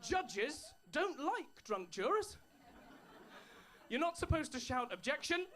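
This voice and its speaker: A man's voice: very high-pitched, very animated, slow, noisy background. A man doing stand-up comedy, dry storytelling with put-on posh voices. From England. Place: comedy club stage with an audience.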